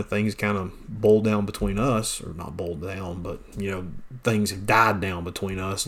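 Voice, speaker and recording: A man telling a personal story on his podcast, blunt and plainspoken, with many fillers and restarts. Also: lowish voice. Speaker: podcast host, pastor.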